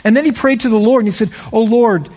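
Husky, high-voiced man preaching a sermon. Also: rapid-fire. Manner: energetic preaching, rising to excited peaks. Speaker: pastor.

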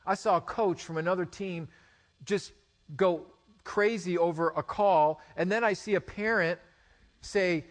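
A man in his forties preaching a sermon, animated, with rhetorical questions and stammered restarts. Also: high voice, moderate pace. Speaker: pastor.

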